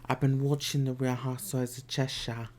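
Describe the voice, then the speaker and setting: A man's voice: mid-range voice, flat delivery, normal speed, darkish tone, a little hiss or hum. A man chatting through a makeup tutorial in a campy, sassy way, sometimes dropping into whispered asides. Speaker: makeup vlogger. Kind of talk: casual makeup tutorial chat.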